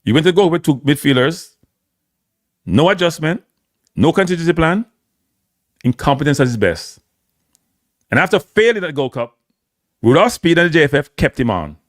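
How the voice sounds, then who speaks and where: A man's voice: fairly high pitch, sing-song, moderate pace, pauses often, dry recording, studio quality. A man with a Jamaican accent giving opinionated solo football commentary, hammering points home by repeating phrases and slipping into patois. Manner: emphatic, repeats phrases for stress, slips into patois.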